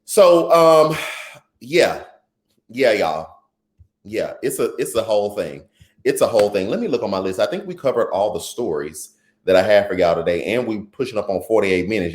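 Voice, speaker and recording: A man's voice: on the low side, moderate pace. A man with a Texas twang hosting a casual political livestream, chatting with viewers and stumbling over words now and then. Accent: Texan. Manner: chatty and animated, calls the audience y'all, stumbles over words. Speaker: political commentary livestream host. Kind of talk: casual livestream commentary, reading viewer comments.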